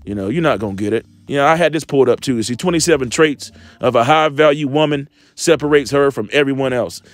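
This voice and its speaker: A man preaching an informal, rambling sermon, swearing often, tacking "man" onto his lines and slowing right down to read scripture aloud. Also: medium pitch, no room sound. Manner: rambling, profane, confrontational, repeats "man"; reads scripture slowly and deliberately. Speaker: street preacher.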